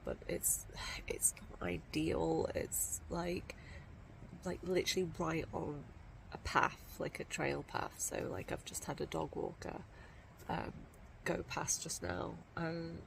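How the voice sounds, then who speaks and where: An exhausted woman talking to camera outdoors in a casual vlog, weary and sighing, sometimes hushed. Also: sits low, vocal fry, slight background noise, poor audio. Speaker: walking vlogger. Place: outdoors at a camp spot by a trail.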